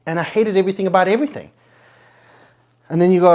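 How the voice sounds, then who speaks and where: A man's voice: high-pitched, fast, long pauses, darkish tone. A man hosting a podcast, giving a blunt, emphatic motivational monologue full of swearing. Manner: blunt, heavily profane, emphatic. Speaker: podcast host.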